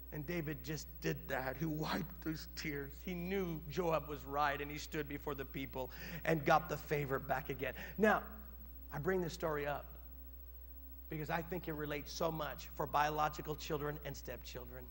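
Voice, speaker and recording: Man, preacher, sermon, high bright voice, dramatic storytelling, long hall reverb. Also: steady tone, moderate pace, slight background noise. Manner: storytelling with shifts from quiet narration to loud dramatic peaks.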